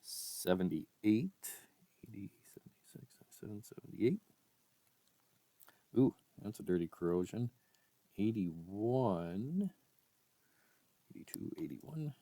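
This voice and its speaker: A man vlogging a coin roll hunt, reading out dates one by one in a casual murmur and breaking into excited exclamations. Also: on the low side, slow, pauses often, no echo. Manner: reads dates aloud one by one, often quietly, with excited exclamations. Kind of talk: casual commentary while sorting coins.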